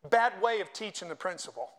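Male pastor, high-pitched, preaching a sermon; swells on scripture, chats with the congregation between readings. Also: expressive, brisk, a bit bright. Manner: conversational asides to the congregation.

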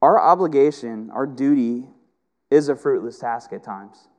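A middle-aged man preaching a sermon with passion, rising to loud emphatic peaks and dropping to quiet, intimate stretches. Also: mid-range voice, lively intonation, measured pace. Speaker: pastor.

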